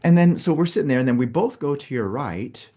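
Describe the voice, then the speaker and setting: A man's voice: medium pitch, animated, fairly quick, dark tone. A man leading a workshop, guiding a participant through a group exercise with step-by-step instructions and frequent checks of "okay". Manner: instructive, peppers talk with "okay". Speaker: workshop facilitator.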